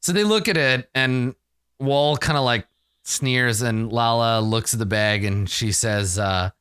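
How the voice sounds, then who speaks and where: A man running a tabletop game as game master, animated and laughing often as he narrates. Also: mid-range voice, a little slow, smooth, dry recording, clean studio sound.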